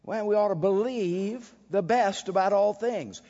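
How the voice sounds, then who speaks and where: A man delivers a sermon in a high voice at a slow, deliberate pace. He swings between loud bursts and hushed asides and acts out the voices he quotes with wry humor. The dull recording carries a long hall reverb. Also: sing-song. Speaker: preacher.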